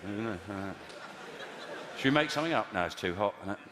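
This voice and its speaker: Stand-up comic in an echoey hall. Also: male voice, lowish voice, fast talker, a loud crowd. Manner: deadpan asides, sudden loud bursts. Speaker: stand-up comedian. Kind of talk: improvised stand-up taking audience suggestions. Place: large theatre with audience. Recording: echoey live hall, loud noise.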